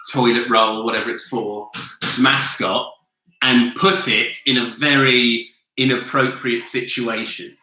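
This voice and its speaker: Casual, sweary male quiz host with a piercingly bright tone, recorded in an echoey home room. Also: medium pitch. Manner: loose, sweary, chatty. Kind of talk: casual online quiz hosting. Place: home, with a flatmate nearby.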